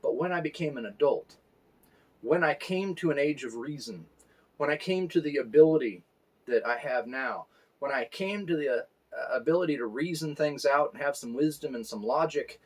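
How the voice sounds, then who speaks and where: A man in his forties giving a conversational story sermon, reflective and unhurried, with fillers. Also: fairly high pitch, animated, darkish tone. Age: 40s. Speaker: pastor.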